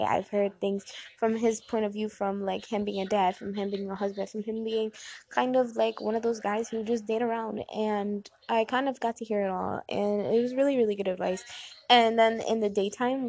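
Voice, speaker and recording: A woman's voice: medium pitch, gravelly, a little mellow. A young adult woman hosting a podcast, giving advice in a chatty, rambling way with lots of fillers, recorded in her bedroom at home. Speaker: podcast host. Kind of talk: casual advice monologue.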